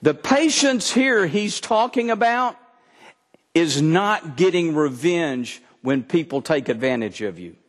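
A man's voice: a little high, expressive, takes it slowly, long reverb tail. A man from Texas, preaching a sermon, reading scripture and explaining it with humor. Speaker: pastor.

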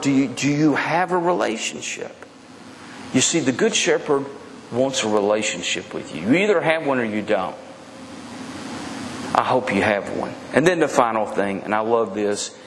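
A middle-aged man preaches to his congregation, pitching his voice a little high and swinging it up and down as he fires off questions. His sermon rings out with a long hall echo over a faint hiss. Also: fairly bright tone. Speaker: pastor.

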